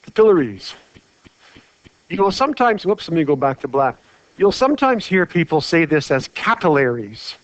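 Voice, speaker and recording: A man's voice: fairly high pitch, big pitch swings, normal speed, pauses often, dry recording. A man teaching a lecture while drawing on a whiteboard, chatty and full of rhetorical questions. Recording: dry, dull lo-fi mic.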